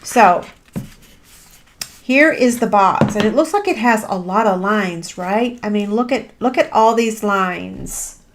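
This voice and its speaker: A woman's voice: mid-range voice, slow, a little hiss or hum. Chatty woman teaching a papercraft tutorial. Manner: chatty and self-deprecating, many fillers. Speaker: paper craft instructor. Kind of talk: live crafting tutorial.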